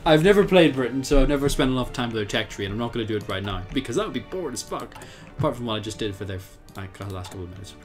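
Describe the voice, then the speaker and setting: A young Irish man giving casual let's-play commentary, thinking aloud, chatty and laughing often, with sudden bursts of excitement. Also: mid-range voice, very fast, few pauses, faint music behind. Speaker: game commentator.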